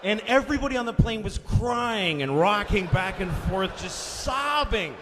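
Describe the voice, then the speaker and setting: A male stand-up comedian telling a story on stage, profane and exasperated, bursting into shouts. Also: sits high, lively intonation, measured pace, big-room sound, noisy background.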